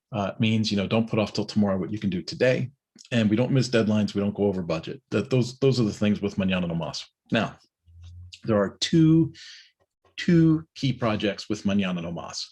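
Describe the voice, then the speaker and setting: Husky middle-aged man telling a story. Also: lowish voice. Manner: storytelling with many restarts, acts out quoted riders. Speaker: business owner giving a morning check-in. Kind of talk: casual spoken monologue.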